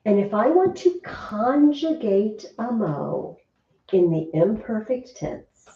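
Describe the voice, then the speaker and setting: A woman teaching a Latin class, chatty and lively, often asking the students questions. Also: medium pitch, slow. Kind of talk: classroom lesson. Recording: distant, roomy, dull classroom recording.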